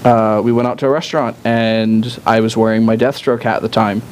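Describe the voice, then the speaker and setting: Man, casual chat host, rambling storyteller, acts out quotes, faint rumble behind. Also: little pitch movement, brisk. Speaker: podcast co-host.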